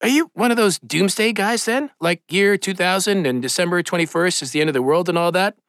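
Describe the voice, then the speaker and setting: A man's voice: sits high, brisk, fairly bright tone, no echo, studio quality, voice pushed up. A man voicing a skeptical young male dude who keeps asking questions. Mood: prying. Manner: prying, incredulous.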